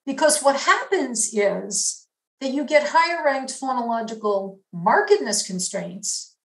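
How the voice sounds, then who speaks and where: A woman with a New York accent giving an academic lecture in a measured, explanatory way, stressing key terms. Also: a little high, roomy sound, rough recording.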